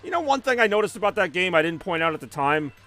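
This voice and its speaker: A man's voice: high voice, big pitch swings, fast, bright, forceful tone, soft background music. A young man chatting casually and rambling while he plays a video game on a live stream. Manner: rambling, conversational, many fillers.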